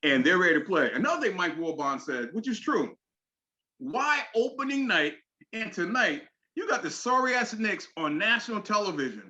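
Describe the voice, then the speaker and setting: A man's voice: high-pitched, big pitch swings, moderate pace, sharp tone. A man co-hosting a sports talk show, ranting heatedly and swearing freely. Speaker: sports radio co-host.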